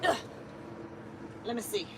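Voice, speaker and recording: A woman's voice: slow pace, noisy background. A woman truck driver chatting casually on a live stream from inside her truck cab, talking to her viewers and her cat.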